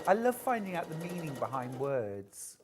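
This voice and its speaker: Bubbly low-voiced woman presenter. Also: big pitch swings, normal speed, background noise. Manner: bubbly, playful, reads out viewer messages. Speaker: shopping channel presenter. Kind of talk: casual live presenting chat.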